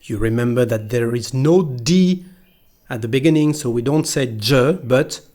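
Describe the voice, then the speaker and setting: Speaking at a moderate pace in a warm, medium-pitched voice, this Frenchman from France teaches pronunciation slowly. He has a French accent, and he repeats phrases patiently so learners can follow.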